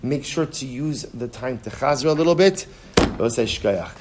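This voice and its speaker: Earnest rabbi teaching a Talmud class. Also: male voice, mid-range voice, expressive, normal speed, background noise. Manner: reads Aramaic phrases then translates, repeats key lines for emphasis; rises in intensity when driving home a point. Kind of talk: Talmud lesson, explaining text aloud.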